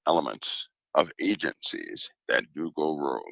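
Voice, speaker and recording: A man speaking as a guest in a casual conversation, measured and emphatic, often repeating his point. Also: very deep voice, sing-song, vocal fry, a bit bright, dry recording, highs cut off.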